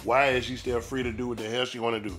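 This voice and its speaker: A man's voice: mid-range voice, level tone, fast talker, fairly bright tone, soft background music. Blunt, profane man commentating. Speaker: commentator reacting to a clip. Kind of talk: casual commentary.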